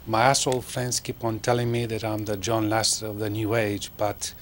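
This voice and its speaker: Lower-voiced man asking, faint noise behind. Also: flat delivery, normal speed. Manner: rambling with many fillers, self-promoting. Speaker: audience member asking a question. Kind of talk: asking a question at a studio event.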